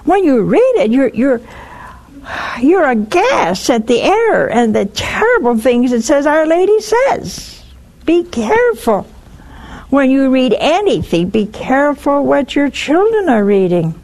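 A woman hosting a religious call-in show, teaching with lively storytelling and acted-out little dialogues. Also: sits high, measured pace. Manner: animated storytelling, acts out dialogues. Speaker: host.

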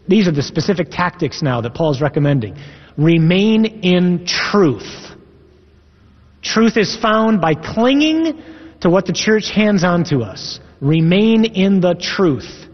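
A man's voice: high voice, animated, takes it slowly. A man preaching as a Catholic priest, earnest and emphatic, reading scripture aloud and explaining it. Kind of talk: sermon. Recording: echoey hall, dull lo-fi sound.

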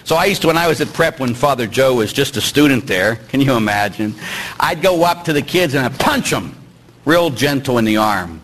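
A middle-aged man, a priest, preaching a sermon in an animated, joking way and acting out little dialogues. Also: mid-range voice, a little fast, poor audio.

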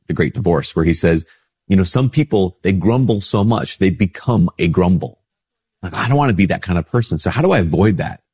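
A middle-aged priest hosting a casual spiritual talk, stuffy-nosed from a cold, chatting easily and acting out little dialogues. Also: male voice, darkish tone, slightly rough. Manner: conversational, acts out little dialogues with rising pitch. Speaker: priest and show host.

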